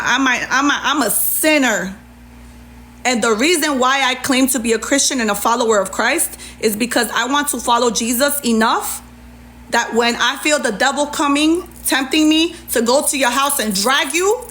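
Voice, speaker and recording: A woman's voice: on the high side, a little hiss or hum. Sassy woman venting on a livestream. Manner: sassy, animated, talks back to her chat. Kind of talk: venting on a live stream.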